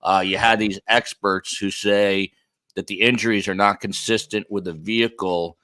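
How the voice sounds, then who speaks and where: A man hosting a podcast that covers a trial live, asking his guest measured questions with filler pauses. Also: low voice, steady tone, fairly bright tone, no room sound. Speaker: podcast host.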